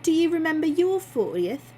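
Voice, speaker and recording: A woman's voice: extremely high pitch, very animated, normal speed, mellow, a little hiss or hum, pitched above the performer's own voice. A woman voicing a chatty, cheeky barmaid, telling her story breezily. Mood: breezy.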